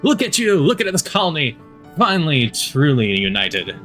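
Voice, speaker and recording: Man reading as stern governor, bright forceful rally voice. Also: very animated, moderate pace, soft background music. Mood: rousing. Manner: booming speechmaking, pushy. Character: stern male colony governor, domineering.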